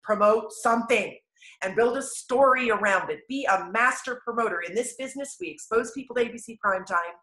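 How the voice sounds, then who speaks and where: A woman giving an energetic, enthusiastic motivational training talk to a sales team, telling stories with animated emphasis. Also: a little high, a little fast, reverberant. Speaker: network marketing trainer.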